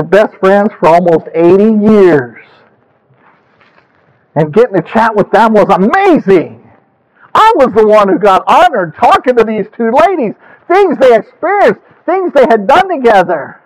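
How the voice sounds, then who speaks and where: A man preaching a sermon, telling stories and rising into animated emphasis on his key points. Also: high-pitched, rough recording.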